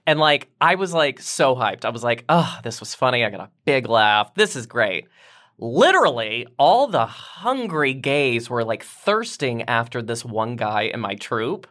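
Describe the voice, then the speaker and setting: Upbeat podcast host, animated voice. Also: mid-range voice, unhurried. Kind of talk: casual interview.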